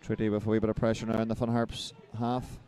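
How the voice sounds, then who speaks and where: A man giving live play-by-play football commentary, brisk and lifting his voice as the action builds. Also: on the low side, level tone, warm tone.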